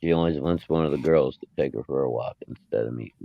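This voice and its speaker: A man telling a story in a laid-back, halting way with sighs. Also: extremely low pitch, slightly rough, no echo. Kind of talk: casual storytelling. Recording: muffled lo-fi mic.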